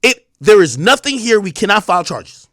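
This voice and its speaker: A man in his thirties streams to his chat, insistent and defiant, repeating himself for emphasis and swearing freely. His voice sits a little high and jumps around a lot in pitch. The sound is dry and close, with no room around it. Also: big pitch swings, normal speed, a bit bright, dry recording. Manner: emphatic, repetitive, defiant, with profanity. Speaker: streamer host. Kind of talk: livestream monologue to chat.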